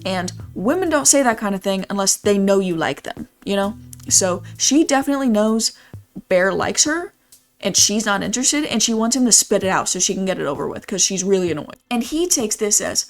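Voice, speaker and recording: A woman's voice: mid-range voice, animated, fairly quick. A young woman giving casual, blunt opinion commentary in a slangy, opinionated manner. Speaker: movie commentary YouTuber.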